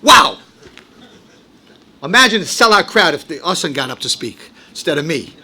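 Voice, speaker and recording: A man giving a sermon as a rabbi, animated, dropping into low asides and rising into shouted, acted-out quotes. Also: moderate pace, husky. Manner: animated, swings from low asides to shouted high-pitched outbursts, acts out quotes. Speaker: rabbi giving a Torah lecture.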